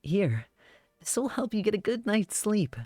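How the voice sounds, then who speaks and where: Brief: streamer putting on a soft, kindly witch from a romance game, raised and lilting. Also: medium pitch, sing-song, unhurried, no echo, clean studio sound, soft background music, pitched above the performer's own voice. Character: witch serving tea, calm and caring.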